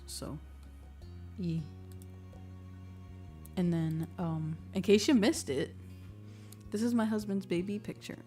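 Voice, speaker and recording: Brief: laid-back woman streamer, low voice, slow easy delivery, off-mic with faint background music, quick to laugh. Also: far from the mic. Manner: laughs often, swears casually. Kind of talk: casual stream chat.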